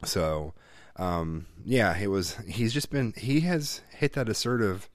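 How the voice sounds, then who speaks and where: A man, a father, co-hosting a casual chat, telling animated stories, swearing freely and mimicking voices. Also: on the low side, takes it slowly, no echo, clean studio sound. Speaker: podcast co-host, father.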